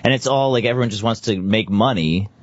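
A man chats casually on a radio show, dropping crude jokes. His voice sits low. The recording is dry and lo-fi. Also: a little fast, no room sound. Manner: crude, joking.

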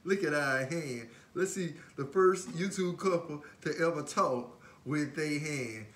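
A man's voice: on the high side, unhurried. Playful man in an echoey kitchen. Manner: playful, teasing, loud bursts of laughter. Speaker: co-host of a couple's cooking show. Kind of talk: joking cooking demonstration. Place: home kitchen.

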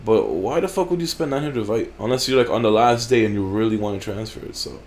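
A man's voice: fairly low pitch, quick pace, darkish tone, a little hiss or hum. A man hosting a gaming channel, giving casual gameplay commentary in a blunt, heavily profane way. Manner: profane, blunt, frequent swearing.

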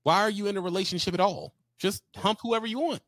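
A man's voice: sits high, quick pace, fairly bright tone, dry recording, clean studio sound. A man hosting a live talk stream, giving blunt, profane opinions in casual chat.

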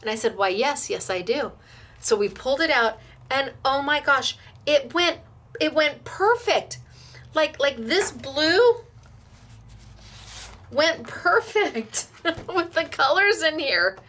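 A woman's voice: high voice, lively intonation, takes it slowly, long pauses, pushed and bright, a little hiss or hum. A woman hosting a craft shop demo, chatting in a bubbly, gushing way and laughing often as she shows products. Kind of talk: live product demo chat.

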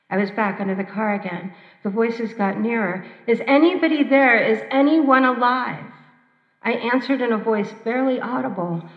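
A woman performing a personal story at an open mic, measured and reflective, with dramatic pauses. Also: mid-range voice. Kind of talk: spoken-word personal storytelling. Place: church hall. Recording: roomy, dull church hall recording.

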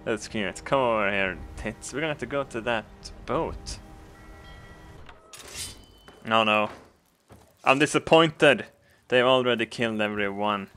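Slow, bright-voiced crude game commentator. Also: male voice, fairly low pitch, faint music behind. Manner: crude, laughing, excitable outbursts. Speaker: gaming commentator.

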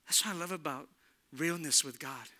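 A man's voice: on the high side, moderate pace, sharp tone. A male pastor preaching a sermon in a casual, slangy, emphatic way, often repeating "look" to drive a point home. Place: church.

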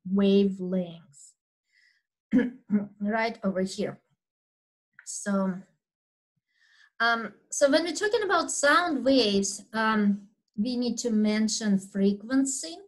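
A woman instructor giving a recorded anatomy lecture over slides, speaking loudly in an unhurried, explanatory way with fillers and throat clearing. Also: a little high, rough recording. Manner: talks loudly by habit.

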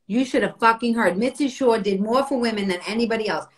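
Woman comic guest, middle-aged, swears freely, tells stories with energy, voice a bit high. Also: fast, poor audio. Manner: animated, profane storytelling. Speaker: comedian guest. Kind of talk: casual podcast chat.

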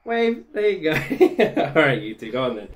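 A woman hosting a reaction video from her home office, talking casually and excitedly, exclaiming and laughing often. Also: low voice, normal speed.

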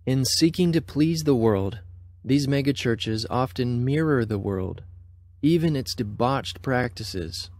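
A man narrating a scripted documentary text in a measured, even reading voice. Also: mid-range voice, no room sound.

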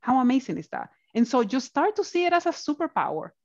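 A woman's voice: sits high, very animated, quick pace, vocal fry, a little mellow. Encouraging woman guest on a lo-fi call. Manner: encouraging, often ends points with "right?". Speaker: guest speaker. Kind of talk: motivational panel conversation.

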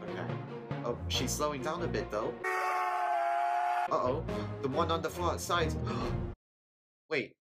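Reacting to sports clips in a casual, excitable way, this host often repeats exclamations. The voice is medium-pitched and slow, with long pauses and loud music behind it.

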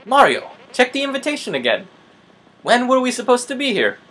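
A man's voice: very high-pitched, huge pitch swings, fairly quick, a bit bright, voice pushed up, heavily acted. A man voicing a chatty adult male plumber brother from a video game in a vague made-up accent.

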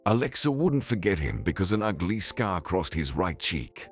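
A man narrating a scripted story in an expressive storytelling manner. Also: sits low, moderate pace. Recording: faint background music.

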